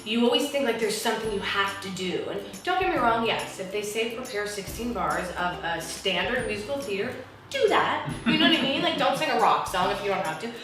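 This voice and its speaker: A woman from New Jersey, an actress telling a story to an interviewer in a lively manner, acting out the voices of the people she quotes. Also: brisk. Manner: lively, acts out quotes with big pitch swings. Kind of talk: animated storytelling in a conversation. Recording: echoey room heard from a distance, faint music.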